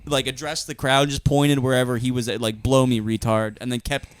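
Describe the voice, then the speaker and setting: Young guy cohosting a podcast, smooth clear voice, deadpan, dry close mic. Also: mid-range voice, fairly quick, no room sound. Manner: dry, deadpan, laughing storyteller. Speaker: podcast co-host. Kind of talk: casual chat.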